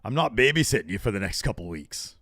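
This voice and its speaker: Man, podcast co-host, casual recap, low voice, dry recording. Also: sing-song, fast, pushed and bright, no echo. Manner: retells scenes, reading lines in character with laughs.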